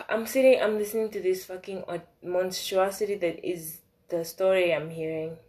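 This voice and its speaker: A young woman telling a casual storytime. She talks in a chatty, animated way, with lots of fillers and swearing. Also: lowish voice, moderate pace. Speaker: vlogger.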